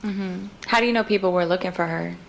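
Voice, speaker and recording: Gravelly-voiced woman investigator. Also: lowish voice, fast, rough recording. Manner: calm, probing questions, frequent soft acknowledgments. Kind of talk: recorded police interview.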